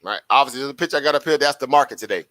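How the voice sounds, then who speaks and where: A stock trader hosts a live stream, talking at a racing pace in a mid-range, bright, forceful voice. His casual commentary is chatty and repetitive, full of rhetorical questions and frequent laughter, and the recording is dry.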